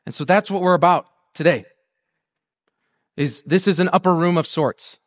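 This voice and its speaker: Male preacher, high-pitched, casual joking delivery that swells into passionate prayer. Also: moderate pace. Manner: conversational and humorous, building to a rousing fervent prayer. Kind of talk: sermon.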